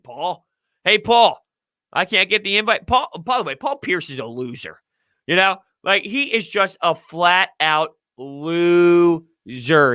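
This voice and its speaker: Young guy ranting about sports on his show, joking around, tense sharp voice, really crisp. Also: on the high side, no echo. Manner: joking, ranting, laughs often. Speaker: podcast host. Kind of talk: casual sports talk.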